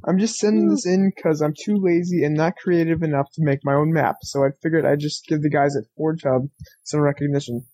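A man's voice: on the high side, fairly even intonation, brisk, dark tone. A young man co-hosting a gaming podcast, jokey and laughing often while reading listener mail. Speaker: podcast co-host. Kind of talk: casual chat, reading listener emails.

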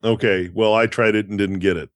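A man's voice: lowish voice, fairly even intonation, fairly quick, dry recording, clean studio sound. A man co-hosting a casual gaming show, matter-of-fact as he explains achievements. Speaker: game podcast co-host. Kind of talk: casual gameplay commentary.

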